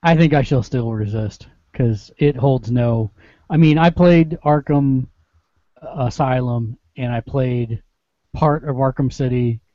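A man's voice: medium pitch, slow pace, warm tone, no room sound, muffled recording. A man hosting a casual gaming podcast, joking and rambling as he hands the mic around. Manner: jokey, rambling, dad-joke teller. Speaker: podcast host.

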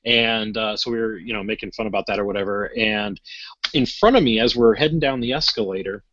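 A man's voice: lowish voice, a little fast, no room sound. Rambling man on a dull podcast mic. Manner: rambling, many fillers and restarts, animated when acting out quotes. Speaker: podcast co-host. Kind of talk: casual podcast storytelling. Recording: dull lo-fi sound.

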